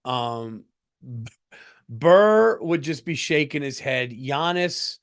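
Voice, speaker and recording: A middle-aged man hosting a comedy podcast, telling a story in an animated way, stumbling over restarts and breaking into laughter. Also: mid-range voice, slow, clean tone.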